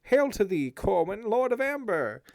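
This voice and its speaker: A man's voice: high voice, sing-song, measured pace, vocal fry, darkish tone, no echo, clean studio sound, voice pushed up, full character voice. Man doing a reedy, ancient old manservant. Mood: reverent. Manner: deferential, reverent. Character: ancient timid male servant, devoted old retainer.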